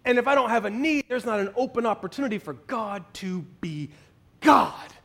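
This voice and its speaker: Male pastor, sermon, very high voice, storytelling, rising to emphatic exclamations. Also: expressive, normal speed, a bit bright.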